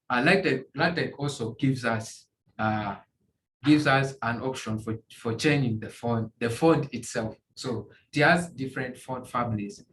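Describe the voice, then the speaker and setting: A man teaching a beginner's coding tutorial, walking through screen examples in a halting way, often repeating and restarting phrases. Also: medium pitch, fairly bright tone. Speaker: tutorial instructor. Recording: echoey room, faint ambient noise.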